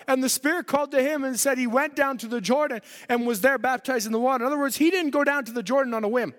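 A man pastor delivers a sermon in a very high voice, swinging between driven, loud stretches and hushed ones. The church hall around him rings with a long reverb. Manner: fervent preaching, swinging between loud and quiet.

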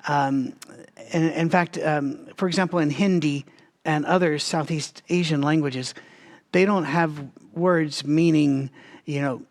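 Man with a slightly high voice for a relaxed, lively Bible-study teaching read, addressing the audience directly. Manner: animated, talks to listeners directly, frequent restarts.

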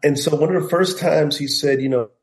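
A man's voice: a little high, a little fast, echoey room. A middle-aged man, a pastor and guest, telling a personal testimony in an earnest storytelling way and acting out the voices he quotes. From United States.

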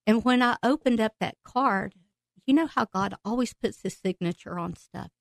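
A woman guest on a podcast telling her personal faith testimony with emotion, laughing and breaking into excited outbursts as she tells it. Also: a little high, moderate pace, creaky, no echo.

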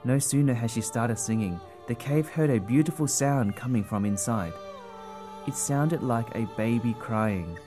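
A man narrating a storybook tale in a gentle, expressive way. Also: medium pitch.

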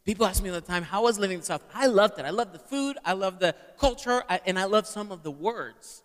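A man's voice: high-pitched, lively intonation, quick pace, fairly bright tone. A man preaching a sermon to a live congregation and having them repeat words back. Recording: long hall reverb.

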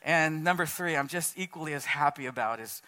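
High, bright-voiced male pastor preaching. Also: brisk. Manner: casual, earnest preaching, says "man" often. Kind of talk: sermon.

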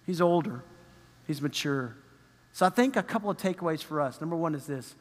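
A man preaching a sermon as pastor, animated and acting out the people he quotes. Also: fairly high pitch, brisk, in a large hall. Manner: animated, acts out quoted voices, chuckles.

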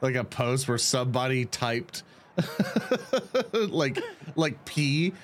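Brief: casual male game master, middle-pitched, very lively intonation, easygoing narration. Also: extremely slow, a little hiss or hum. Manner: loose, chatty, laughs easily.

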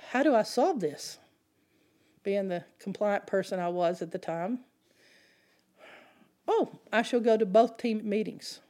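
A middle-aged woman preaching a sermon, telling a personal story in an animated way. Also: a little high.

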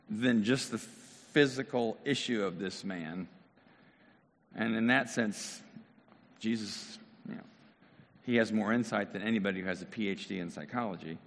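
A male pastor giving a lively, conversational sermon. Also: mid-range voice. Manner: animated, conversational preaching. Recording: long hall reverb.

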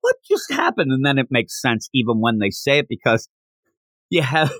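A podcast co-host with a medium-pitched voice, speaking at normal speed, casually chats and jokes while recapping a manga chapter. He's animated and jokey, slipping into character voices, on a dry recording.

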